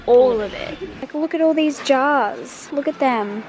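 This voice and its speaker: A woman's voice: high-pitched, unhurried, background noise. Chatty young woman vlogging casually. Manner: chatty, says "like" a lot. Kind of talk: casual vlog chat. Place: bedroom at home, then a furniture store. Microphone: camera on a tripod, then handheld.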